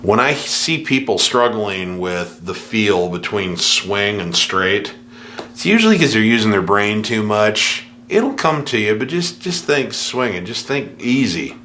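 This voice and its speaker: A man teaching a piano lesson, scatting rhythms in nonsense syllables to show the feel, relaxed and easygoing. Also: fairly low pitch, unhurried, a little hiss or hum. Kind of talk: music lesson with spoken rhythm demos.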